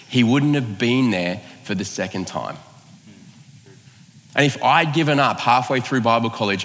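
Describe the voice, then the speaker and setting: A man's voice: medium pitch, fairly bright tone, in a large hall. A man preaching a sermon, telling a personal story in a conversational, self-mocking way and acting out the lines of the people in it. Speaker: pastor.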